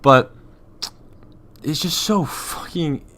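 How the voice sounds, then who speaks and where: A man's voice: on the high side, slow, fairly bright tone. A man hosting a live reaction stream who rants in a heated, profane way. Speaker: live-stream commentary host.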